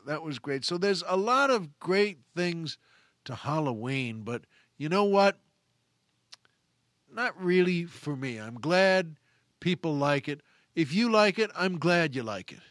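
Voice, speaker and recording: A man hosts his own show and tells a long, rambling story, often chuckling and restarting his sentences. His voice sits a little high. The sound is dry and close, with no room echo. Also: a bit bright. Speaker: podcast host. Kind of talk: casual storytelling monologue.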